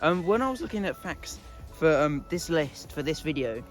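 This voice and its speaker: A man's voice: on the high side, sing-song, moderate pace, soft background music. Chatty man talking outdoors. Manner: chatty, laughs often, scolds his goats. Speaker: vlogger. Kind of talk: casual vlog talk. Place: outdoors in a goat pen.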